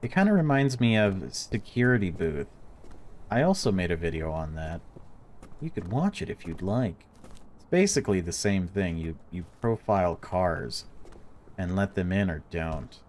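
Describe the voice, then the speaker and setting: A man's voice: low-pitched, very animated, moderate pace, a little mellow, slight background noise. A man giving let's-play commentary on a horror game, jumpy and reactive, swearing when startled. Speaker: gaming YouTuber.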